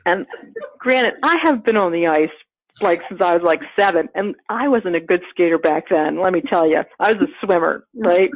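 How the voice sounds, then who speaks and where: A woman telling a funny personal story in casual chat, animated and laughing often, acting out the quotes. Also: fairly low pitch, normal speed, husky, no room sound. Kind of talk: casual anecdote. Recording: phone-like narrow sound.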